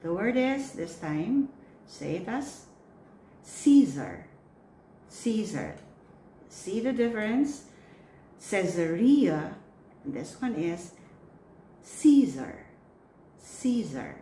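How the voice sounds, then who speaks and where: A woman coaching church readers on pronunciation. She says each word slowly and clearly, then repeats it. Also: mid-range voice, sing-song, warm tone. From Philippines. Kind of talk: pronunciation drill, slow and repeated. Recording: echoey room with faint noise.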